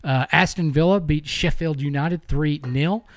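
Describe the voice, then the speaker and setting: A man's voice: fairly high pitch, unhurried, no room sound. A man co-hosting a casual sports podcast, joking and rambling, laughing often. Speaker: podcast co-host.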